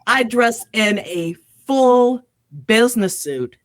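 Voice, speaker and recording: A woman, an improv comedian and podcast guest, telling animated, profane stories and acting out the people in them in casual chat. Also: on the high side, slow, dry recording, clean studio sound. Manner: animated storyteller, acts out quoted voices, swears freely.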